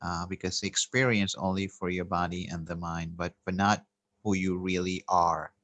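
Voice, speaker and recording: A man giving a spiritual talk, telling a story in a gentle, reflective way with soft laughs and hesitant restarts. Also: low-pitched, little pitch movement, normal speed, no room sound. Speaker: spiritual teacher.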